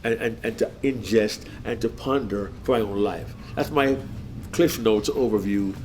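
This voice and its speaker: A man's voice: fairly low pitch, moderate pace, a little mellow, slight background noise. A man, a public speaking coach, critiquing a speech in a casual panel talk, emphatic and repeating key phrases.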